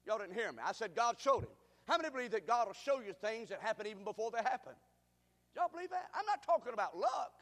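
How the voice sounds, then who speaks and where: A preacher with a strikingly high voice delivers an emphatic sermon, calling for responses and climbing into shouts. His voice carries with a long reverb through a church sanctuary. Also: lively intonation, fast talker. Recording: reverberant hall.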